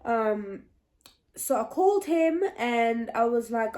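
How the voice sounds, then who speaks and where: Animated woman vlogger. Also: a little high, moderate pace. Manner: animated, chatty storytelling to viewers. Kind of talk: story time vlog.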